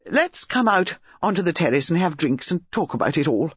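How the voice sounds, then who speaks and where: A man's voice: a little high, big pitch swings, a little fast, fairly bright tone, slightly rough, no room sound, full character voice. A man voicing a direct, zestful older woman who speaks eagerly and impatiently in a dull lo-fi recording.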